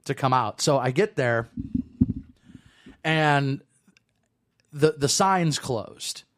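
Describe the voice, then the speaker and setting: A man in his early thirties chats on a podcast, animated and profane as he tells a story. His voice sits at an ordinary middle pitch. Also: drawn-out words. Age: 30s. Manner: animated storytelling, swearing freely. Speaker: podcast co-host. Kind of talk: casual podcast chat.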